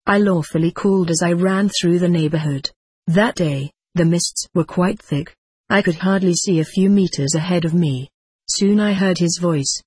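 A text-to-speech voice reading a first-person story as an audiobook narrator, measured and even, sometimes reading formatting marks aloud. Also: mid-range voice, slightly rough, dry recording.

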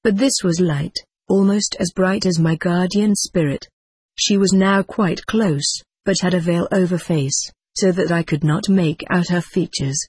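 Solemn, husky storyteller. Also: mid-range voice, steady tone, a little slow, a little mellow, no room sound. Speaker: narrator. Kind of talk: first-person story reading.

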